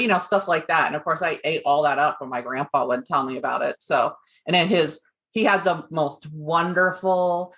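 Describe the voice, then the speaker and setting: A woman hosting a podcast chats freely and laughs often. Her voice is a little low, and she talks in a relaxed way. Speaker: podcast host. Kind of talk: casual chat.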